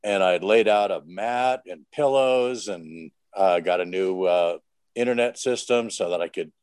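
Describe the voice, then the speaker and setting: Man, deep voice, casual call share, dry sound. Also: a little slow, darkish tone, clear, resonant tone, no echo. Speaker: meeting participant sharing. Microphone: video call.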